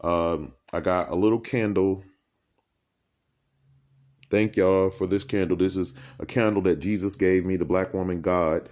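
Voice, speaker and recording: A man vlogging alone in a dark room by candlelight, rambling from topic to topic and laughing as he talks. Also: low voice, measured pace, long pauses. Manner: animated, laughing, jumps between topics. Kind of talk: rambling stream-of-consciousness monologue.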